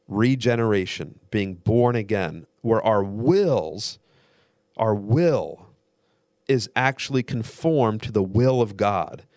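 A man guest-hosting a radio show, giving an earnest, measured theological teaching talk that builds through repetition. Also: fairly low pitch, expressive, darkish tone, no room sound, clean studio sound.

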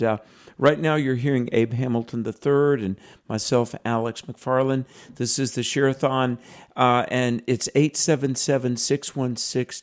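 A man's voice: medium pitch, a little mellow. A man with a Southern US accent co-hosting a radio fundraiser, telling stories in an earnest, folksy way. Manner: earnest, folksy storytelling with restarts. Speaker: radio co-host.

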